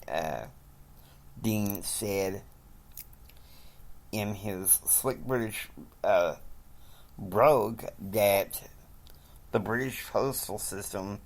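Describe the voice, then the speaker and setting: A man casually narrating an invented drama, rambling through it scene by scene. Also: lowish voice. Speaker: storyteller.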